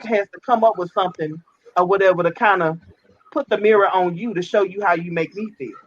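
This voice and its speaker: A woman's voice: fairly low pitch, brisk, lo-fi sound, a little hiss or hum. A woman talking in a casual chat, blunt and opinionated, sometimes rambling.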